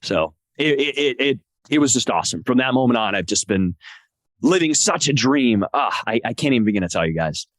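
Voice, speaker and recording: A man as a podcast guest, telling an excited, emotional story and acting out what people said. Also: a little fast, no echo. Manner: acts out quotes with big pitch jumps. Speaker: podcast guest, wrestling translator. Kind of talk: animated storytelling in conversation.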